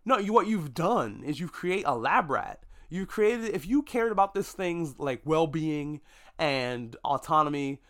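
A man hosting a podcast, giving a casual movie review monologue with animated, mock-outraged asides and swearing. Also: a little high. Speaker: podcast host.

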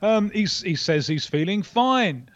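A man reporting down a line as a football correspondent, talking in a wry, animated way with many restarts. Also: high voice, measured pace, no room sound, lo-fi sound. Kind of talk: radio interview.

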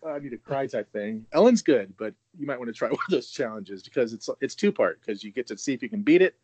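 A man's voice: mid-range voice, animated, quick pace, a little mellow, slightly rough, no room sound. A man in his thirties in a casual podcast chat, talking loosely with frequent restarts and easy laughter. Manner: chatty, laughs easily, many restarts.

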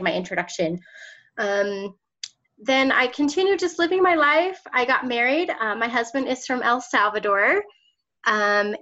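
A woman in her thirties with a fairly high voice tells her story in an interview. She speaks with passion and emotion, and laughter often breaks into her talk. The audio is slightly dull and lo-fi. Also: pushed and bright. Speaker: political candidate guest.

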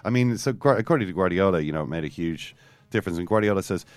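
A man hosting a podcast, telling a football story with animated, storytelling energy and reading quotes aloud. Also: low voice, fast talker, no room sound. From Ireland. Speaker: podcast host. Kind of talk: casual football chat.

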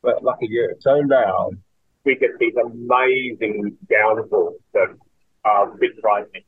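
Older Australian man, friendly guest, husky voice over a tinny dry phone line. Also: lowish voice, unhurried, dry recording. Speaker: actor guest. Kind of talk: casual interview chat.

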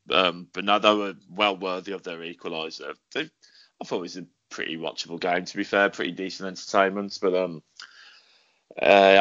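A man reviewing a football match on a podcast, measured and hedging his points. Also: low-pitched, sharp tone. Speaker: podcast pundit. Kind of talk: casual football chat. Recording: muffled lo-fi audio.

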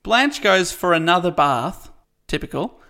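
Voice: mid-range voice, expressive, unhurried, bright, forceful tone. A podcast co-host recapping a play with dry, wry remarks. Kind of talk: recapping a play in casual chat.

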